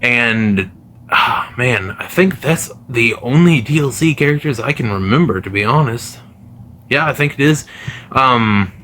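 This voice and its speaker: Man, low-pitched but bright, forceful tone; casual, rambling gaming commentator full of fillers. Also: a little hiss or hum. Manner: rambling, many fillers and restarts. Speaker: gaming video creator.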